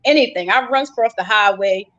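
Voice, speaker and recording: A woman with a mid-range, fairly bright voice speaks a little fast as a guest survivor on a live panel, vividly recounting her story and acting out her own cries for help. The livestream audio is dull and lo-fi.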